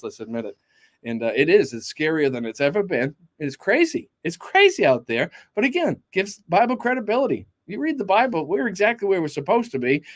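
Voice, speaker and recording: A male pastor giving an informal Bible study, reading scripture and commenting in a conversational way, with asides and rhetorical questions. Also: on the high side.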